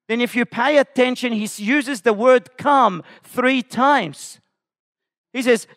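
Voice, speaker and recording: A man preaching a sermon as pastor, impassioned, rising to shouts when voicing the call to come. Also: very high voice, takes it slowly, dry recording, clean studio sound.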